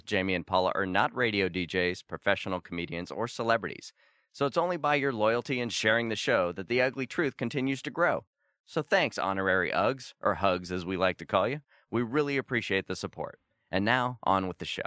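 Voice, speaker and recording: Bright-voiced man announcing a show. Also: lowish voice, animated, brisk, dry recording, studio quality. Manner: upbeat, theatrical delivery. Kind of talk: scripted intro announcement. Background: faint guitar music.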